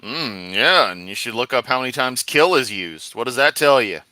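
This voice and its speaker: A man streaming sarcastic comedic commentary while reacting to a video, mocking in a deadpan way. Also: mid-range voice, moderate pace, no echo.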